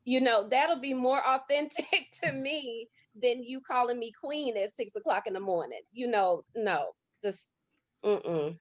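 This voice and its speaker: A woman on a panel discussion, talking with emphatic, animated storytelling. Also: fairly high pitch, measured pace, no echo, muffled recording.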